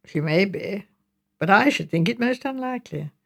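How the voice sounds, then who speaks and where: A level-headed country doctor speaks slowly and patiently in this audiobook scene, read by a woman. The voice carries a touch of gravel, and the tone stays measured. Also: mid-range voice, animated, a bit bright. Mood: grave, explaining. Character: kindly country doctor, man, calm and thoughtful. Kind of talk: audiobook character reading.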